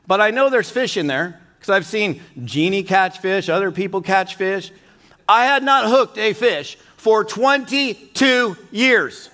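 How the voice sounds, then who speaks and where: A middle-aged man giving a motivational keynote, telling folksy stories in an animated way and acting out the people he quotes. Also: high voice. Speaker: keynote speaker. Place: conference stage.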